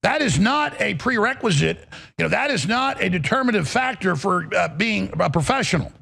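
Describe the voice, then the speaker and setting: A talk show host, a man, ranting in an angry, blunt and crude way with a gravelly, raspy voice. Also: high-pitched, big pitch swings, brisk, bright, forceful tone. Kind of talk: heated political talk rant.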